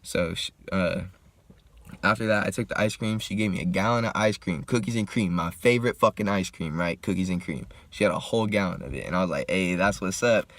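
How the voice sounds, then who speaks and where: A young man telling a story in a laid-back, slangy, profane way while getting high and smoking. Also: a little fast, fairly bright tone, no room sound. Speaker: vlogger. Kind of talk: casual storytime.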